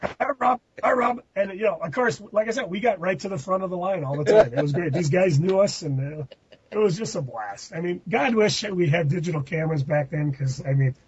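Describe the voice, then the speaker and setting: A man's voice: high voice, animated, a little fast, a little mellow, slightly rough. A man hosting a podcast, telling rambling anecdotes in a casual chat with laughing outbursts. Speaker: podcast host. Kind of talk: casual storytelling. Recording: muffled dry lo-fi recording.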